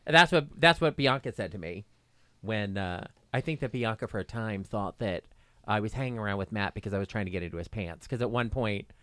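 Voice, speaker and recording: A man with a smooth, resonant voice rambles through gossip and self-mocking asides as a podcast guest. He is recorded dry and close to the mic. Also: lowish voice, animated, brisk, fairly bright tone, no echo. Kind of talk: casual comedic chat.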